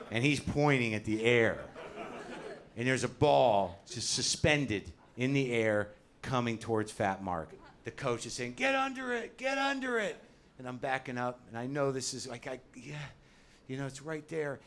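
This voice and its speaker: Older male stand-up comic, conversational and self-mocking, medium-pitched voice, mic on stage. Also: fairly bright tone. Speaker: stand-up comedian. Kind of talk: stand-up routine. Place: comedy stage. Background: audience laughter.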